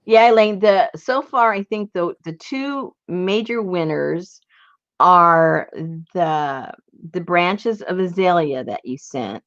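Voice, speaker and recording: A woman hosting a casual craft livestream, tired and soft-spoken, laughing often as she chats. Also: on the low side, animated, takes it slowly, no room sound. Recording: dull lo-fi sound.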